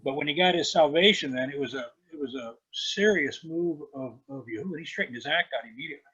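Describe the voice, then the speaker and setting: A man adding a quiet, halting comment with fillers, heard from away from the mic. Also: fairly high pitch, slightly rough, dull audio.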